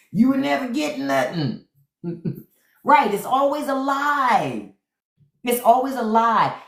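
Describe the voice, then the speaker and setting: A woman hosting a live stream, giving casual, sassy commentary straight to her viewers. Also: mid-range voice. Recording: echoey room.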